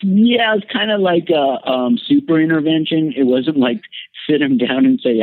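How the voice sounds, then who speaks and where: A man, a podcast guest, telling a candid personal story in a lively way, his voice leaping up whenever he quotes himself. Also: moderate pace, dry recording. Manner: animated storyteller, jumps high when quoting himself. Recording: dry, tinny phone-like line.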